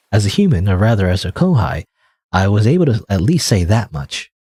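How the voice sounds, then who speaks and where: A man's voice: on the low side, sing-song, fairly quick, dark tone, slightly rough, no echo. A man casually reading a visual novel aloud and chatting about it, rambling with lots of "like" and "you know". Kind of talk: casual let's-play commentary and narration.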